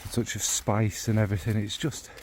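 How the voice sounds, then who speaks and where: A man's voice: lowish voice, little pitch movement, brisk, slight background noise. A man, talking casually and at length to his vlog audience, rambling and enthusiastic. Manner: rambling, warm and enthusiastic about scents. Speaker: fragrance vlogger. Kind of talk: casual rambling chat to camera.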